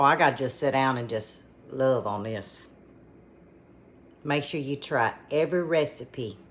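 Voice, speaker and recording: A woman hosting a casual cooking vlog from her kitchen, folksy and full of exclamations. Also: rumbling low. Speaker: cooking channel host.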